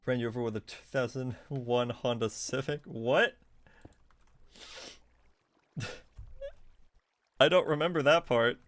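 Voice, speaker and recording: A man streaming a video game, chatting casually with viewers, laughing often and reacting excitedly. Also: mid-range voice, slow, pauses often, dry recording. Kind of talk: casual live gameplay commentary.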